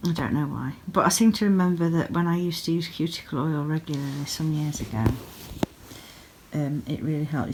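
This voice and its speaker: Sleepy chatty woman, low voice. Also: darkish tone. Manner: chatty, gushing over small pretty things. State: sleepy, yawning. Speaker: yarn dyer and vlogger. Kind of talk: casual vlog chat. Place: home, craft room.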